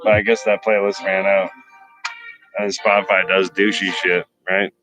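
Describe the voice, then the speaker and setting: A man's voice: low voice, level tone, moderate pace, over music, rough recording. A man hosting a casual livestream, rambling and boasting in a heavily profane way while he freestyle raps. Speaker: livestream host and freestyle rapper. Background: faint hip-hop beats.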